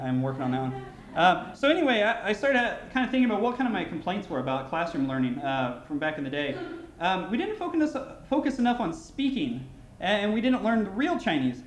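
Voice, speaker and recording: High-voiced American man giving a keynote. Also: reverberant, a little hiss or hum. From United States. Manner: casual, anecdotal, frequent restarts and fillers. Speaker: keynote speaker. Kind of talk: conference keynote speech. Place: large conference hall.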